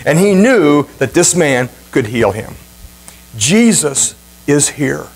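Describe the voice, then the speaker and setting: A male pastor preaching a sermon with emphatic, dramatic repetition and swings in pitch. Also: big pitch swings, slow, husky, faint music behind, rough recording. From Ohio, USA.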